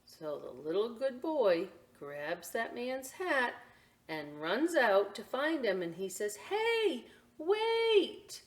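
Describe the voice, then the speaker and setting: Lively, slow-talking storytime reader. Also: female voice, medium pitch. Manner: animated and chatty, asides to listeners. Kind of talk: reading a picture book aloud to children.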